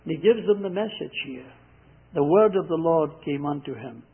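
A man preaching a sermon, repeating scripture lines slowly and with emphasis. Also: fairly high pitch, lively intonation, creaky, slightly rough. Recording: tinny phone-like sound.

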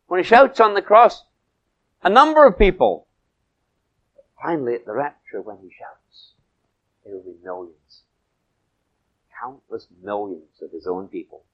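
A man preaching a sermon, swinging from loud emphatic peaks to soft low asides and stretching key phrases. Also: lo-fi sound.

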